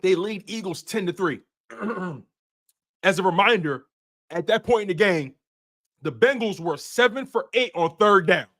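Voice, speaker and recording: A man's voice: sits high, lively intonation, a little slow, sharp tone. A man hosting a sports recap show, talking in a casual, emphatic way, repeating key points and using slang. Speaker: sports podcast host.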